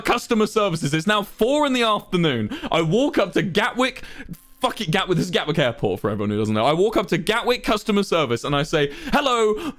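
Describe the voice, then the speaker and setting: Young English streamer, high voice, exasperated rant to chat with impressions of staff. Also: male voice, a bit bright. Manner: exasperated, ranting, swearing, mimics voices. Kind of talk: casual storytelling to stream chat.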